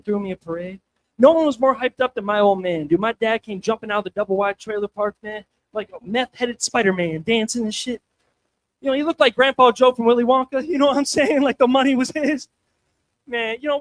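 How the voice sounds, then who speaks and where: A male stand-up comedian at an open mic night, rambling and crude, tossing in "man" constantly, on a handheld stage mic. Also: very high-pitched.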